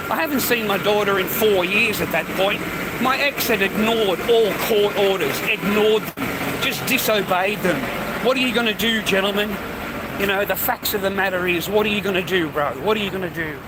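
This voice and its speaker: A man's voice: high voice, a little fast, heavy background noise. A middle-aged Australian man in an aggressive, profane ranting monologue, swearing and repeating himself. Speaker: vlogger.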